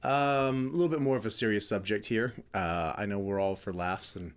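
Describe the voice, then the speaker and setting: A man's voice: on the low side, normal speed, clean tone. A man co-hosting a podcast in casual chat, laid-back, chuckling often, with a lot of ums. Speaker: podcast co-host.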